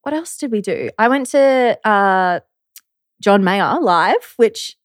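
A woman's voice: medium pitch, lively intonation, takes it slowly, dry recording, clean studio sound. A young woman co-hosting a casual chat, playful and easygoing, laughing often. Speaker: podcast co-host.

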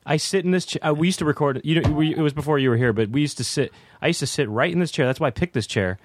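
A young man chatting as a podcast guest, teasing and deadpan, with slow pauses, in a studio. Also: on the high side, slight background noise. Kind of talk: joking casual chat. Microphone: studio mic.

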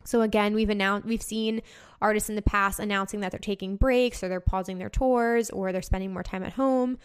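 A woman's voice: mid-range voice, fairly even intonation, brisk, clear, resonant tone. A woman hosting a casual talk show, speaking passionately, swearing freely and filling her talk with "like". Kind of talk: casual monologue.

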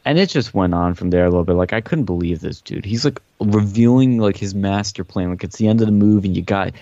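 A man's voice: on the low side, fast, warm tone, no room sound, highs cut off. Fired-up man telling a rambling story. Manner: rambling, profane, fired-up retelling. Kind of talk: casual podcast chat.

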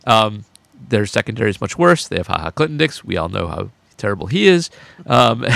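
A man co-hosts a casual sports podcast with a gravelly, lively voice. He is chatty and gleeful and laughs often. The sound is dry and close. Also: on the low side, fast, no room sound. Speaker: podcast co-host, football writer.

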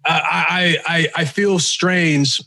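A man's voice: fairly high pitch, steady tone, slow pace, creaky, sharp tone. A man co-hosting a podcast in casual chat, stammering and restarting as he defends himself with a laugh. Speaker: podcast co-host.

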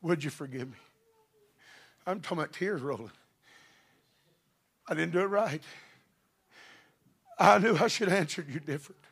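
A middle-aged man preaching a sermon with fervor, building to shouted passages. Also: fairly high pitch, normal speed, creaky, pauses often, breathy edge.

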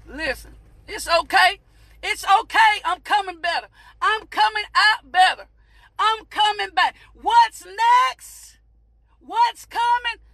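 A preacher delivering a mock sermon, shouting in a rhythmic, repetitive cadence and breaking into whooping cries. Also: very high-pitched, gravelly, dry recording.

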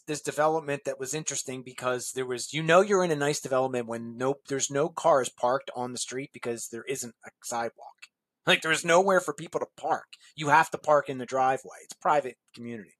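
A man telling a long anecdote as an interview guest, acting out quoted dialogue with lively shifts in his voice. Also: no echo. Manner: animated anecdotes, acts out quoted dialogue with pitch jumps. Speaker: guest, musician and designer. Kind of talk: storytelling in a podcast interview.

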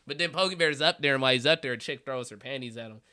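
A man's voice: medium pitch, quick pace, bright, forceful tone, smooth. A young man telling a comedy story in a casual podcast chat. He laughs often, swears, and acts out other people's voices. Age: young adult.

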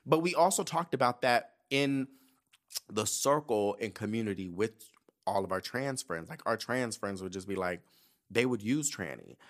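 A man in his thirties hosting a podcast, telling stories in a casual, profane, animated way and acting out the people he quotes. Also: fairly low pitch, normal speed. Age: 30s. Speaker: podcast host. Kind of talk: casual chat.

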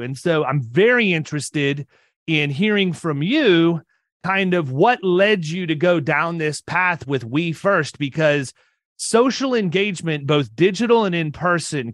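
A man's voice: a little high, a bit bright, no room sound, studio quality. Chatty fifty-something male podcast host. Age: 50s. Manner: talkative, rambling with frequent restarts. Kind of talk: casual interview chat.

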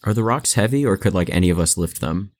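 A man with a low voice, taking part in a tabletop role-play. He talks in a relaxed, slangy way, and the sound is dry and close. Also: fast talker, dry recording. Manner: laid-back, slangy. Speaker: player.

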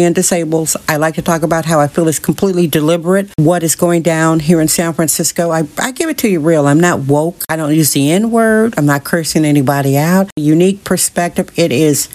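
A woman's voice: sits low, a little fast, darkish tone. A middle-aged woman hosting her own show, ranting bluntly with rhetorical questions and strong opinions. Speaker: show host. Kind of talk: opinionated monologue. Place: San Francisco.

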